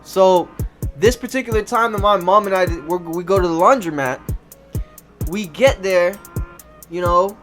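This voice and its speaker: A man's voice: high-pitched, moderate pace, pauses often, fairly bright tone, faint music behind. A young man telling a casual storytime, loose and slangy with lots of cursing and fillers. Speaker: vlogger.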